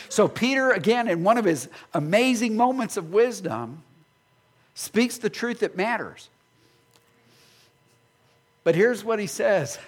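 A male pastor preaching a sermon, animated and acting out imagined voices of his listeners. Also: high voice, unhurried, pauses often.

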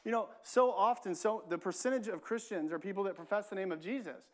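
A man's voice: sits high, brisk. A male pastor preaching a sermon in a church, talking in a conversational way, repeating phrases and adding frequent "right?" asides.

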